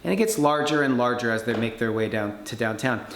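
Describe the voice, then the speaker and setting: A man at a conference podium tells a story with lively energy, acting out the people he quotes. His voice is medium in pitch. The room is echoey, with faint noise behind him. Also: a little fast. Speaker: conference speaker. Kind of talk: storytelling talk. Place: conference hall.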